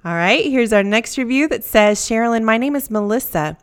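A woman hosting a podcast, reading listener reviews aloud in a gentle, grateful, upbeat way. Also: a little high, animated, brisk, smooth. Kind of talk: warm scripted read-aloud of listener reviews.

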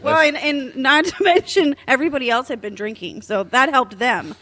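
A woman's voice: high voice, moderate pace, a crowd in the background. A woman telling a funny story in a chatty, giggly way on a casual panel. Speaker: cosplayer guest.

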